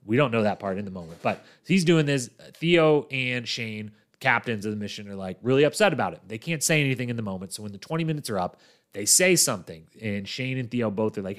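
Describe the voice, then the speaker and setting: Man animatedly recapping a reality show. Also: fairly quick. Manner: animated storytelling, acts out quoted people with jumps in pitch, many fillers. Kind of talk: casual recap monologue.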